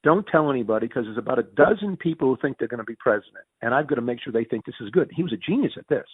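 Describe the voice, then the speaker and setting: A man with a Northern US Yankee accent telling stories as an interview guest, acting out quoted dialogue with big pitch jumps and often restarting his words. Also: animated, racing, slightly rough, dry recording. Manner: frequent restarts and repeated words. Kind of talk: storytelling in a conversational interview. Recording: tinny phone-like dry audio.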